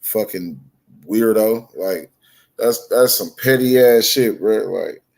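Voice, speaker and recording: A man telling a story in casual chat, profane and animated, acting out both sides of the dialogue. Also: on the low side, slow.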